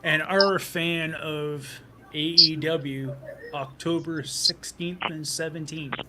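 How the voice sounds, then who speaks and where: A man's voice: fairly high pitch, fairly even intonation, slow, very noisy. A Canadian man chatting casually on a livestream panel, laughing easily and slipping into silly voices when he tells a story. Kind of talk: casual chat.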